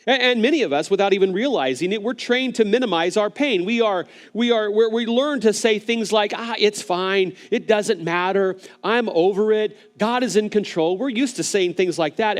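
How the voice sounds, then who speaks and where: High-voiced man preaching a sermon. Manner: earnest, repeats words when starting phrases; speaks gently to online viewers. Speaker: pastor.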